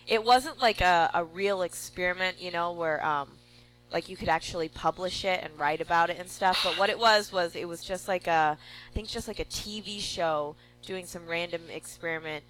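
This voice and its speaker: A woman's voice: lowish voice, a bit bright, slight background noise, rough recording. A woman in casual chat, talkative and swearing freely as she tells an anecdote. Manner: chatty, swears freely, quick to laugh along.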